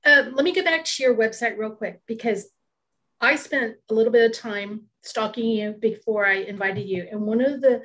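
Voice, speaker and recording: A woman's voice: a little high, moderate pace, fairly bright tone. A woman hosting a photography group over a video call, introducing her guest in a chatty, enthusiastic way with frequent restarts. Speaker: host of a photography group talk.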